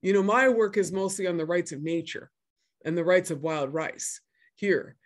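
A woman's voice: on the low side, moderate pace. A woman in her sixties from northern Minnesota gives an earnest, emphatic public talk, repeating her key points and often stopping to restart with fillers. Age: 60s. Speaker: guest speaker.

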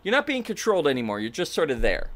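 Animated man narrating a tabletop game. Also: a little high, quick pace. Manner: animated, casual storytelling. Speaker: game master.

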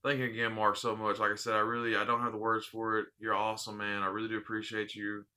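A man's voice: on the low side, monotone, quick pace, sharp tone. A man hosting a casual unboxing vlog, heartfelt and rambling, repeating his thanks. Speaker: vape channel host.

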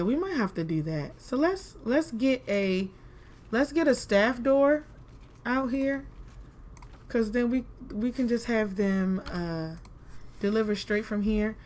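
A gaming video creator gives casual let's-play commentary in a slightly mellow, mid-range voice. She's chatty, talks to herself, and lets out frustrated exclamations.

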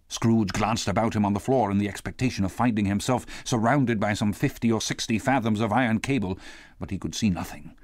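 A male audiobook reader narrates in a measured, expressive way with a lowish voice. The sound is dry and close to the mic, with no room around it. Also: no echo. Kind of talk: scripted narration.

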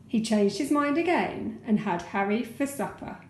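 A woman teacher reading a storybook aloud for children in a gentle, expressive voice. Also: on the high side, moderate pace, few pauses, roomy sound, a little hiss or hum, rough recording.

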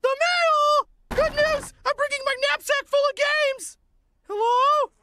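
Brief: clingy, hyper-cheerful cartoon house-owl creature, male, extremely high and shrill, slow and drawn out, hooting all the time. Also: steady tone, heavy background noise, heavily acted. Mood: manic excitement. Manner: constant exclamations, punctuated by hooting. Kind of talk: animated cartoon voice acting. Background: loud cartoon score.

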